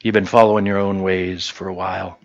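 A man's voice: deep voice, flat delivery, a little fast, lo-fi sound. A man preaching a sermon to a small church in a conversational way, often stopping to restart and quoting short lines. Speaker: pastor.

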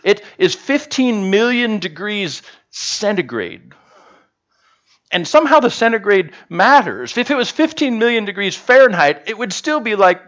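A man's voice: high voice, highs cut off. A man preaching a sermon to his congregation in a casual, conversational way, joking with them as he goes. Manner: humorous, conversational, animated. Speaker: pastor. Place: church service.

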